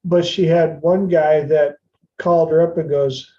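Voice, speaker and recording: A man hosts a podcast and spins a casual anecdote at an unhurried pace. His voice sits a little high yet sounds mellow and relaxed. The recording is dull and lo-fi. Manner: retells anecdotes, slipping into playful voices for the people in them. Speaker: podcast host. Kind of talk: casual storytelling monologue.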